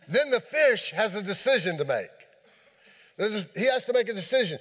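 A man with a high, light voice preaches a folksy sermon in a large hall, and the long reverb hangs after his words. He tells homely stories with animated sound effects. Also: brisk.

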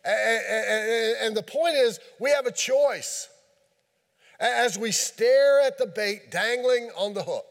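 A man preaching a sermon in a folksy, animated storytelling way, mixing scripture with homely fishing talk and playful sound effects. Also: extremely high pitch, a little slow, creaky. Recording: long hall reverb.

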